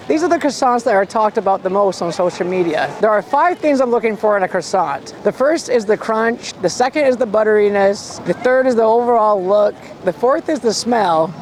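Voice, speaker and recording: A man's voice: high voice, a little hiss or hum. A man with a stuffy nose, playfully reviewing pastries in a casual outdoor food vlog. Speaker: food vlogger in costume.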